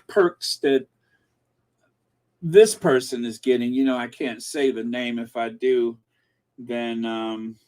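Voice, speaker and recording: A male live-stream host at a middle pitch, rambling along with his viewers in easy, conversational commentary. He takes his time, drawling through long pauses and filler words. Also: a little mellow. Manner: unhurried, chatty, many um and uh fillers.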